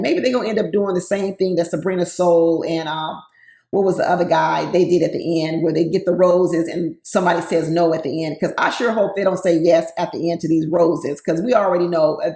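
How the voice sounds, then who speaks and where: Sassy gravelly-voiced woman recapping TV. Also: fairly low pitch, fairly even intonation, a little fast, a little mellow. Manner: sassy, talks straight to her viewers. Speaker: reality TV recap commentator. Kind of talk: casual opinionated commentary. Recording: roomy echo.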